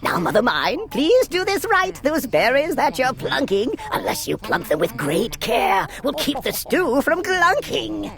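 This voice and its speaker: A woman's voice: high-pitched, very animated, measured pace, creaky, hardly any pauses, voice pushed up, exaggerated voice. A woman voicing a smug, chatty male glunk creature in a storybook read-aloud, glib and rambling.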